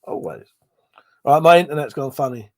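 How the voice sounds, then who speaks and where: A man's voice: a little high, expressive, a little slow, dry recording. A man hosting a casual livestream, chatting and reading out viewer comments, swearing now and then. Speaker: livestream host.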